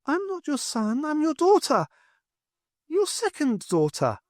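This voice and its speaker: An eerie possessed child in a dry, close audiobook read, the voice pushed up high and thin. It speaks calmly and accuses without raising itself, as a male reader puts it on. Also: a little slow, no room sound, full character voice. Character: possessed small boy speaking as dead girl.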